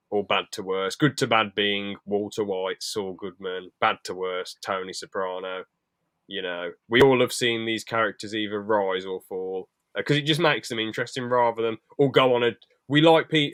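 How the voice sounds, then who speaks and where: A man's voice: on the low side, a bit bright, clear, resonant tone, no room sound. A man co-hosting a podcast in casual chat, rambling with sweary, jokey asides. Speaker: podcast co-host.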